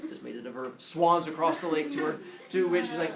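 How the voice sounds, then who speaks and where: A man's voice: on the high side, brisk, few pauses, crowd noise. A man telling a myth to children in a goofy, playful way, full of silly asides. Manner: goofy, animated, jokey asides. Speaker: storyteller for children. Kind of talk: playful storytime narration. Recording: echoey room, distant mic, noisy.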